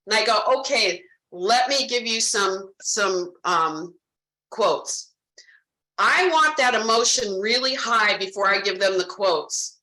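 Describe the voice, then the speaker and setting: A woman's voice: mid-range voice, animated, measured pace, sharp tone, roomy sound, rough recording. A woman training insurance salespeople, speaking animatedly and directly to her audience and acting out her conversations with clients. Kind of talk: sales training talk with role-played client dialogue.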